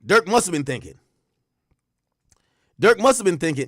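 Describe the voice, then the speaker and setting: A man with a high-pitched voice talks through court testimony in loose, slang-heavy commentary. He is animated and hammers each point by saying it twice. The sound is dry and close. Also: normal speed, husky, dry recording.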